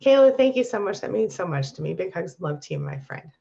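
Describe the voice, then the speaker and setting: A woman coaching abuse survivors on a live stream, reading viewer comments and answering them with warm encouragement. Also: fairly low pitch, sing-song, quick pace, vocal fry, muffled recording.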